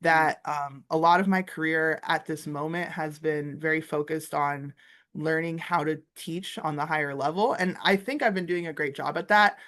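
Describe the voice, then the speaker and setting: A woman's voice: low voice, moderate pace, fairly bright tone. Woman in her thirties, comics teacher, rambling casual interview talk over a video call from her studio. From Florida, USA. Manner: chatty, rambling, many filler words. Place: art studio, indoors.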